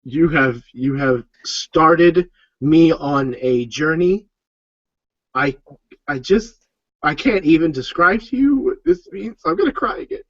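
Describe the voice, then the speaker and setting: A man's voice: mid-range voice, sing-song, drawn-out words, long pauses, dark tone, slightly rough, no echo, dull audio, full character voice. A man playing a humble, stammering tailor. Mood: overwhelmed. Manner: stammering, tearful gratitude. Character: humble male tailor, overwhelmed with gratitude.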